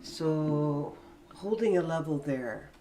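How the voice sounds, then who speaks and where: A woman co-hosting a live trading chat, excitable and quick to laugh. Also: deep voice, roomy sound, slight background noise.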